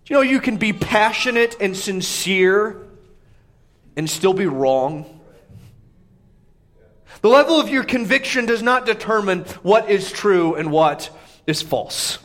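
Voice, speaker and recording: A man, a pastor, preaching a sermon with emphatic delivery that swings between hushed and raised moments. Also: sits high, animated, takes it slowly, long pauses.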